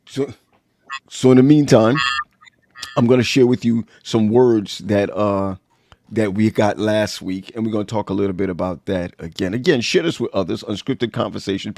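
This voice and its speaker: A man's voice: fairly low pitch, darkish tone, no echo, studio quality. A man hosting a casual livestream chat, talking loosely and repeating himself. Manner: loose, repetitive, chatty. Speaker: host.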